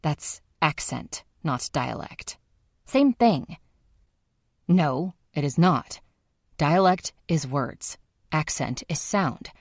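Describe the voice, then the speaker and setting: A woman reading an audiobook and voicing a reserved Serbian man who speaks slowly and skips contractions. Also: low-pitched, animated, no room sound, clean studio sound, full character voice. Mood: stubborn. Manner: slow, clipped, avoids contractions. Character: reserved adult Serbian man, terse and guarded.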